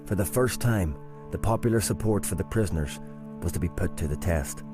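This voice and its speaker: A man reading scripted documentary narration in a measured, deliberate way. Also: sits low. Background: clear music.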